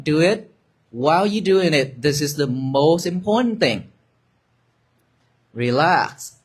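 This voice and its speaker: Slow, gentle monk guiding meditation. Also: male voice, a little high. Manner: slow, gentle, repetitive guiding cues, soft at times. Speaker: Buddhist monk teaching meditation. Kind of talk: dharma talk with guided meditation. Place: monastery gathering with an audience.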